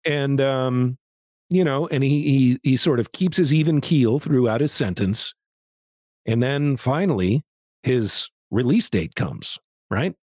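A man's voice: medium pitch, slow, darkish tone, dry recording. A man co-hosting a podcast, recapping a movie in casual chat with wry, meandering asides and dry jokes. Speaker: podcast co-host.

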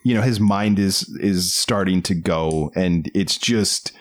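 A man's voice: deep voice, slow pace. A man talking casually about films as a podcast co-host, rambling with many fillers and frequent laughs. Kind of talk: casual film discussion.

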